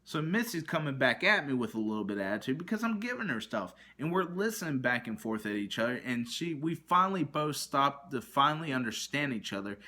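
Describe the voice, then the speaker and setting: A man telling a ranting story about a long customer service call, animated and exasperated, acting out both sides of the conversation. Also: mid-range voice, a little fast, few pauses. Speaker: vlogger.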